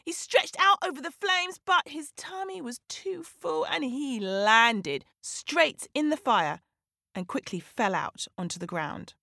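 A woman storyteller narrating a folk tale for children in an animated, dramatic way with sweeping rises in pitch. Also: a little slow, creaky, dry recording, studio quality.

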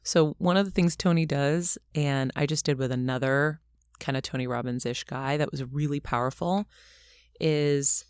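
A woman talking casually as an interview guest and author, telling animated stories and acting out quotes. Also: sits low, dry recording, studio quality. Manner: animated storyteller, acts out quotes.

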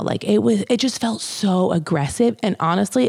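A woman's voice: mid-range voice, moderate pace, vocal fry, few pauses, a little mellow, no room sound, clean studio sound. A young mother casually telling her birth story, candid and chatty, swearing now and then and acting out what others said.

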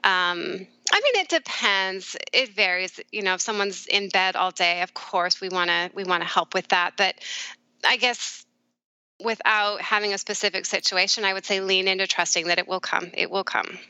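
A middle-aged woman speaks openly in an interview, her voice bright and crisp. She is reflective and unhurried, with soft laughs slipping into her sentences. The sound is dry and close, with no room around it. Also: mid-range voice, no room sound, rough recording. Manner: warm, reflective, often laughing softly. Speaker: therapist guest. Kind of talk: candid conversational interview.

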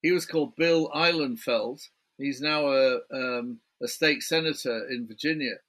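A man's voice: medium pitch, a little slow, fairly bright tone. A British man, an author guest in a remote interview, chatty and building his story point by point. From Britain.

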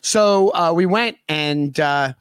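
Man, high voice, chatty, lots of "like" and "uh", dry sound. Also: slow, a bit bright, clean tone, no echo. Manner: chatty, fills with "like" and "uh", quotes comedy bits. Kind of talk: casual chat.

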